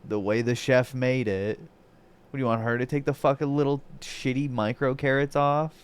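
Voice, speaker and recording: A man's voice: mid-range voice, fairly even intonation, moderate pace, clear, resonant tone. A man streaming and reacting in a casual chat, joking around, playing with words and laughing often. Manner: jokey, laughs often, trails into wordplay.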